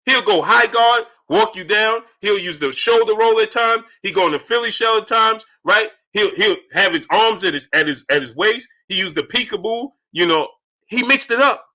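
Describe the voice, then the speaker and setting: A man hosting a live-stream boxing talk show from home, greeting viewers in chat and loudly acting out his own shouting at the screen. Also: high voice, lively intonation, normal speed. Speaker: boxing channel host.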